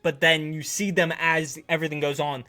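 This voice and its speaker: A man's voice: fairly high pitch, level tone, brisk, pushed and bright. A man casually reviewing a TV series on his channel, enthusiastic and rambling, with lots of restarts and slang.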